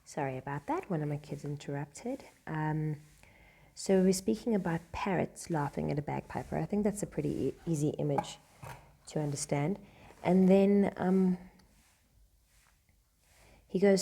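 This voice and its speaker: A woman teaching a Shakespeare scene at home. She reads each line slowly, then explains it in casual slang. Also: sits low, vocal fry, warm tone. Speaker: English teacher.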